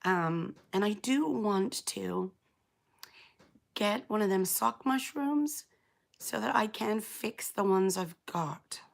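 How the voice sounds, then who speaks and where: Croaky, chatty middle-aged woman. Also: medium pitch, animated, slow. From England. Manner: chatty, rambling, greets viewers by name. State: hoarse, croaky after illness. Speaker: knitting channel host. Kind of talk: casual live-stream chat.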